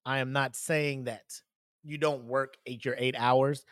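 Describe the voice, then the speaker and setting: Man, solo podcast host, loose and profane, middle pitch, dry close sound. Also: flat delivery, a little slow, no echo. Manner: profane, laughs often, rambling with fillers. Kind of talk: casual solo podcast commentary.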